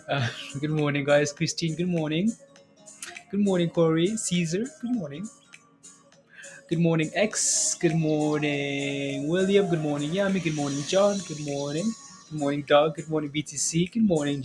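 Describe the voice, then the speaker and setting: A man hosting a live stock market stream, greeting viewers by name in casual chat and often ending points with "right?". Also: on the high side. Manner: chatty, repeats himself, ends points with "right?". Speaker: livestream stock market host.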